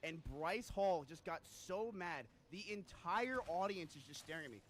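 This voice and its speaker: A male streamer recounts a story in a loose, rambling way, swearing often and sounding incredulous. His voice sits a touch high. A faint hum of room noise runs underneath. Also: expressive, a little slow, fairly bright tone. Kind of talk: casual storytelling while gaming.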